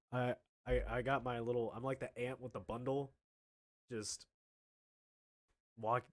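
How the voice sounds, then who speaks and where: A man's voice: medium pitch, fairly bright tone. A man in his twenties telling a casual storytime anecdote, laughing often and stammering through restarts.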